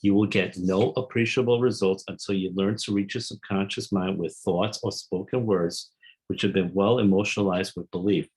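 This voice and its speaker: A man's voice: low voice, poor audio. A man giving an earnest, explanatory summary of a self-help book, reading quotes aloud and then explaining them.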